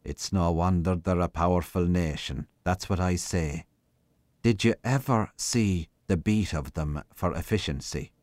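A man's voice: low-pitched, a little slow, a little mellow, no echo. A man reading as a chatty, marvelling country policeman. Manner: talkative and marvelling. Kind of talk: reading a short story aloud.

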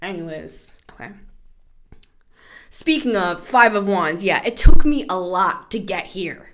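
Woman, 30s, tarot podcast host: animated, chatty, playful, quick to laugh. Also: fairly low pitch. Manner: chatty, laughing, swears freely; animated, shifts into playful voices. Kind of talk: casual spoken tarot reading.

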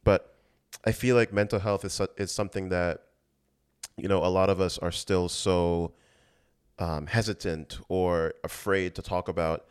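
A man's voice: low-pitched, fairly even intonation, a little slow, clear, resonant tone. A man hosting his own podcast, talking earnestly and casually with lots of "you know" fillers. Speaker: podcast host. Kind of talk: casual solo podcast talk.

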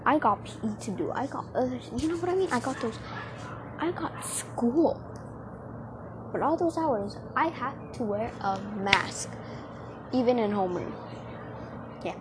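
A teenage girl vlogs in a casual, rambling way, losing her words and piling up fillers. Her voice sits fairly high and her throat is dry. Faint room ambience hums behind her. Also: lively intonation, a little slow, long pauses, noisy background. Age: teens. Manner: rambling, easily distracted, filler-heavy. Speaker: vlogger. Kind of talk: casual chatty vlog.

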